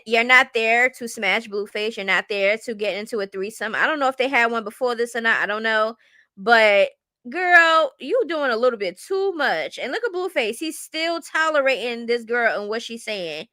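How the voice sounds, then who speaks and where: A woman's voice: on the high side, lively intonation, normal speed, pushed and bright, no room sound, clean studio sound. A woman giving blunt, chatty reaction commentary on a live stream, often asking whether the listener follows her. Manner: blunt, chatty, keeps asking "you get what I'm saying".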